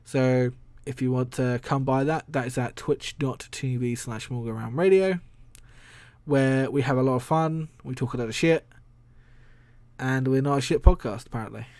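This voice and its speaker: A man's voice: medium pitch, moderate pace, darkish tone, no echo. A man hosting a casual solo stream, rambling and chatty, laughing often and swearing casually. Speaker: streamer and podcast host.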